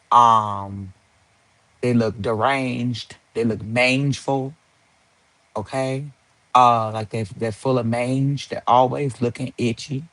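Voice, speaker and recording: A man's voice: mid-range voice, fairly bright tone, dry recording. A man hosting a live stream, ranting in a heated, profane and sarcastic way. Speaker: livestream host.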